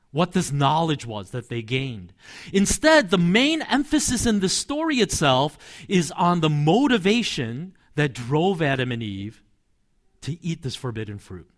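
A man preaching a sermon in a relaxed, chatty way, his voice a little higher than most and full of rises and falls. He tells stories, adds asides, and chuckles now and then. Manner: conversational, storytelling with asides and chuckles. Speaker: pastor.

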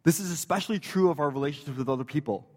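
Casual pastor preaching in a reverberant hall. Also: male voice, on the high side, racing. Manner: conversational and joking, with casual fillers. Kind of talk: sermon.

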